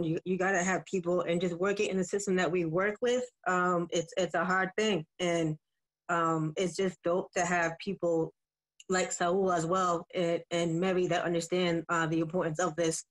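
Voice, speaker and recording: A woman educator speaking over a phone on a video call, laid-back and emotional as she talks, then slow and forceful as she recites spoken word poetry. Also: lowish voice, steady tone. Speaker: educator and poet.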